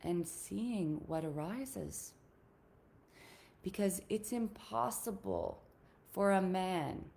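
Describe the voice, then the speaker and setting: A woman's voice: deep voice, vocal fry, darkish tone, slight background noise. A woman relationship coach talking casually on a live stream to her group, earnest and encouraging, often repeating her key points.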